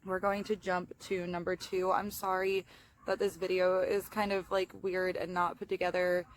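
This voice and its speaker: A woman's voice: lowish voice, level tone, normal speed, slight background noise. A young woman with a lisp, chatting casually and apologetically outdoors in a self-help vlog, with lots of fillers. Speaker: vlogger.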